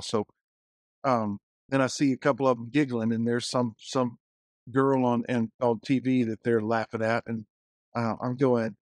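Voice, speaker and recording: A man, a guest minister, telling lively stories in a casual podcast conversation, full of restarts and acted-out quotes. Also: medium pitch, normal speed, no echo, studio quality. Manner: storytelling, animated quotes, many restarts.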